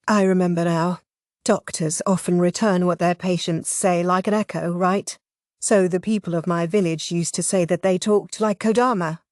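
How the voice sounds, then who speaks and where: A woman voicing a thoughtful young village woman who explains things gently. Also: lowish voice, fairly even intonation, moderate pace, no echo, clean studio sound, natural voice.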